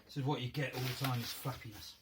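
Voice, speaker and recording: A man's voice: mid-range voice, steady tone, quick pace, heavy background noise. Chatty North London man crafting. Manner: chatty, thinking aloud while working. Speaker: crafting video host. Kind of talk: casual hands-on tutorial. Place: home workroom.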